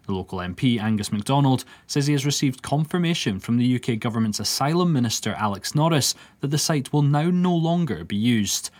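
A man reading a scripted radio news report in a steady, formal way. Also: medium pitch, a little fast, hardly any pauses.

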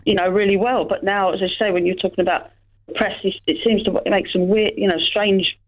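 A woman's voice: mid-range voice, fairly even intonation, brisk. A woman caller talks hesitantly and uses many fillers. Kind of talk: casual phone-in chat. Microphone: telephone. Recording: tinny phone line.

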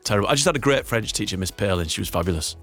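A man's voice: fairly low pitch, expressive, rapid-fire, fairly bright tone, soft background music. A man from England, hosting a radio show in playful, jokey banter. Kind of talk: casual radio chat.

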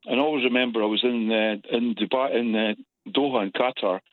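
A man's voice: medium pitch, brisk, no room sound. A Scottish man in his seventies calling into a radio phone-in, forthright and opinionated. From Scotland. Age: 70s. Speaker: caller. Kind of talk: phone-in call. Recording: tinny phone line.

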